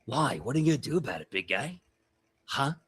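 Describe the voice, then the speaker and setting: Man voicing a gruff orc warrior woman. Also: mid-range voice, big pitch swings, fairly quick, fairly bright tone, heavily acted. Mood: threatening. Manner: blunt, confrontational, snapping questions. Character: gruff, short-tempered female orc warrior chief.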